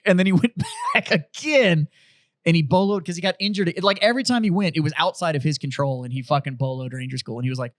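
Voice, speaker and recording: A man hosting a podcast who tells stories in casual, profane and animated chat. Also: on the high side, quick pace, dry recording, clean studio sound. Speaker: podcast host.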